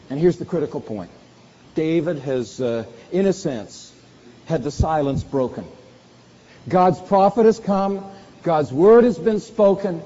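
A man's voice: fairly high pitch, lively intonation, measured pace, dark tone. A man preaching a sermon, with dramatic bursts when he acts out quoted lines. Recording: dull sound with long hall reverb.

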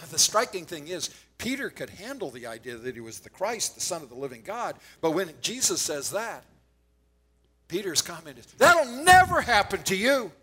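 A man's voice: fairly high pitch, big pitch swings, moderate pace, bright, forceful tone, breathy edge, low-quality recording. A man preaching a sermon in an earnest teaching manner, quoting scripture with occasional stammered restarts.

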